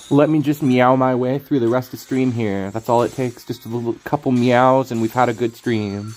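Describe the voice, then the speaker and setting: A playful male streamer talking through a card game in a loose, rambling way, laughing often. His voice sits at an ordinary pitch, with faint music under it. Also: steady tone, moderate pace, few pauses, a little mellow. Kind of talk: casual gaming commentary.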